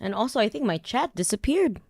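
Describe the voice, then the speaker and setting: Woman streamer rambling to chat, kinda nasal, laughs a lot, soft music under her. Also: fairly high pitch, sing-song, fairly quick, gravelly, dry recording, clean studio sound. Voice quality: slightly nasal today. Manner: chatty, laughs often, trails off with fillers. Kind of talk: casual livestream chat.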